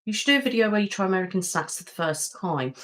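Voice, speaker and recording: A woman with a West Midlands accent hosts an ASMR channel live stream from a home webcam setup, chatting casually and self-deprecatingly with many ums. Her mid-range, slightly bright voice is expressive and fast.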